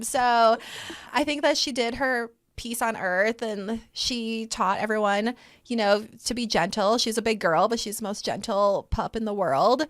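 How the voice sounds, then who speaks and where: Chatty young woman, clear dry voice. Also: on the high side, a little slow, fairly bright tone, no echo. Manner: chatty, heavy use of "like". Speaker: podcast co-host. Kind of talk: casual chat.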